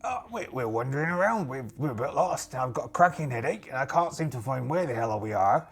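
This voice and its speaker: A man's voice: medium pitch, animated, brisk, husky. A man voicing a brash, roguish male pirate captain, cheeky and blustering, calling others darling.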